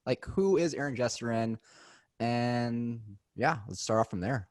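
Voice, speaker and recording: A man's voice: mid-range voice, expressive, measured pace, a little mellow, no echo, studio quality. A man in his twenties hosting a casual podcast chat, joking and upbeat. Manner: joking, upbeat, says "dude". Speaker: podcast host.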